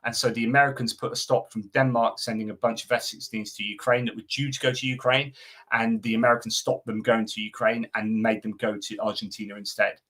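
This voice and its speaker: Speaking fairly quickly in a flat, medium-pitched voice with a bit of brightness, a middle-aged man hosts a live stream. He chats loosely and answers comments from viewers, rambling with many fillers and restarts.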